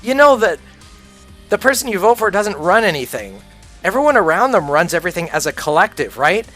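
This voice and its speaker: A man's voice: high voice, big pitch swings, fairly quick, fairly bright tone, soft background music. A man livestreaming a game, ranting casually in a blunt, profane, opinionated way. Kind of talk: casual rant while gaming.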